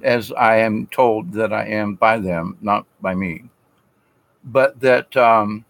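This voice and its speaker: A man in an earnest, rambling spiritual monologue, his medium-pitched voice carrying a gravelly, creaky edge. He calls himself a shaman, speaks straight to the listener, and often starts his sentences over mid-thought. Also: a bit bright. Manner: rambling and earnest, with frequent restarts. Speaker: self-described shaman giving a spiritual talk.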